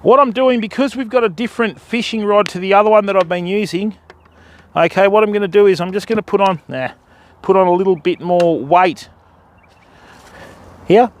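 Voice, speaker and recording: A man's voice: high-pitched, normal speed, long pauses. A young man with an Australian accent, chatting and joking his way through a live fishing stream outdoors by a river. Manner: joking, matey banter. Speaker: fishing vlogger.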